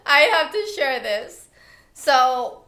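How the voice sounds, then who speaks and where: Young woman vlogger, bright and a bit high, excitable and chatty, echoey room. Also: extremely slow. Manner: chatty and excitable, laughs often. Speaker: lifestyle vlogger. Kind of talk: casual favorites chat.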